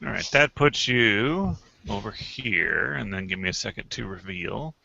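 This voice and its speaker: A man's voice: on the low side, lively intonation, a little slow, creaky, sharp tone. A man narrating as game master of a tabletop game, casual and hesitant. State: talking with food in his mouth. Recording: dull lo-fi recording.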